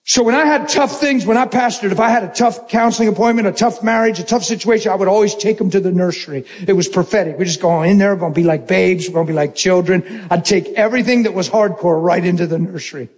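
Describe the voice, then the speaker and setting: A male preacher with a high voice delivers a sermon. He tells stories with energy, jokes and laughs along the way. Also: fast, few pauses. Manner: animated storytelling, joking and laughing. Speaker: pastor.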